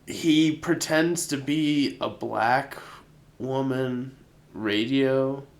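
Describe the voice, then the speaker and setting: A man's voice: medium pitch, very slow. A man hosting a podcast in casual chat, laid-back and amused. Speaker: podcast host.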